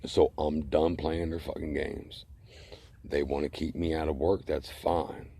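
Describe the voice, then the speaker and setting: Very deep gravelly man ranting, twang. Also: little pitch movement, measured pace, dark tone. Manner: blunt, profane, heated. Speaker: vlogger. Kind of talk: angry casual rant to camera.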